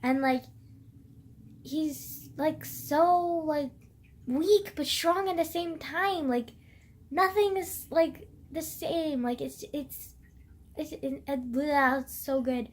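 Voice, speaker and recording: A woman's voice: high voice, takes it slowly. A young woman vlogging about a book she loves, rambling casually with constant fillers and frequent swearing. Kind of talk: casual chat.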